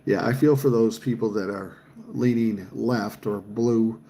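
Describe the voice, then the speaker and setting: A man's voice: on the low side, steady tone, a little slow, dark tone, a little hiss or hum. A man, chatting casually on a livestream and reading viewer comments aloud, swearing freely. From Minnesota, USA. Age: 60s. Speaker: livestream host reading chat.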